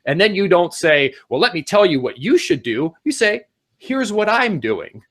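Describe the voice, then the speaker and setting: A middle-aged man co-hosting a talk show, giving casual advice and speeding up as he gets excited. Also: sits high, normal speed. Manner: animated, speeds up when excited. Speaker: podcast co-host.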